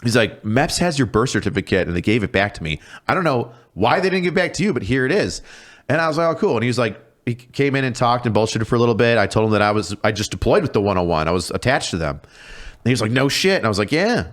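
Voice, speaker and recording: A man's voice: mid-range voice, animated, quick pace, fairly bright tone. A man in his thirties, a podcast guest telling casual, profane stories and acting out quoted voices. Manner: profane, laughing storyteller, acts out quoted voices. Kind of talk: casual storytelling chat.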